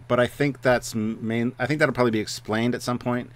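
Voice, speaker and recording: A man's voice: medium pitch, steady tone, fairly quick. A man co-hosting a casual review chat, talking hesitantly with many fillers and restarts. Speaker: co-host of a review show.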